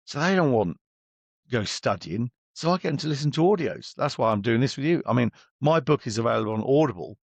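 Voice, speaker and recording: A man's voice: medium pitch, animated, a little fast, creaky, dry recording. A middle-aged man, a business coach, talking bluntly and chattily as an interview guest and acting out his exchanges with clients.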